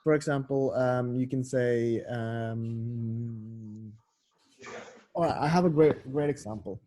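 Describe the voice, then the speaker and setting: A man's voice: medium pitch, slow pace, mellow. A male tutor explaining things casually, full of "like" and "um" and correcting himself as he goes. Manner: loose, filler-heavy explaining with frequent self-corrections.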